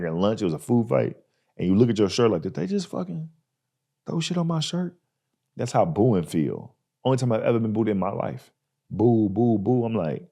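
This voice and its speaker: Deep-voiced man telling a story. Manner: animated, acts out people in his stories. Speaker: podcast host. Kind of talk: casual storytelling.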